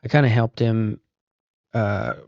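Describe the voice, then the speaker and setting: A man's voice: on the low side, takes it slowly, vocal fry, dry recording. A middle-aged man, a podcast guest and author, telling long casual anecdotes with easygoing restarts. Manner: relaxed, rambling anecdotes with frequent restarts. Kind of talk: casual storytelling. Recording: dull, lo-fi podcast audio.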